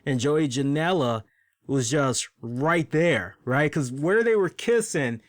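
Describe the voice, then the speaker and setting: A man hosting a podcast, casually reviewing wrestling in a chatty, profane, animated way. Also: on the high side, slow, no echo, clean studio sound. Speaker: podcast host.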